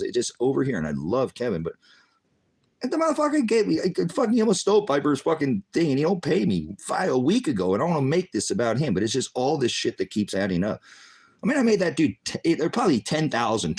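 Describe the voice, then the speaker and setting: Profane, bitter older man ranting. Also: low voice. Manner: profane, bitter, swinging between shouting and muttering. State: tired, worn out. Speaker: vlogger. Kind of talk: angry personal rant.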